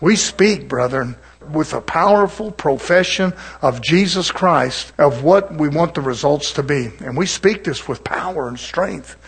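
A man delivers a sermon in a somewhat raised, husky voice. He speaks earnestly and conversationally to his congregation, stacking repeated phrases and rhetorical questions to drive his points home. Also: fairly high pitch, expressive, measured pace. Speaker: preacher.

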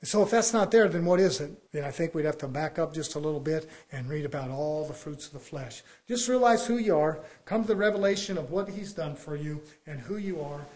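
A middle-aged man preaching an impassioned sermon, firing off rhetorical questions and breaking into sudden loud bursts. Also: a little high, fairly quick, few pauses. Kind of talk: fiery sermon.

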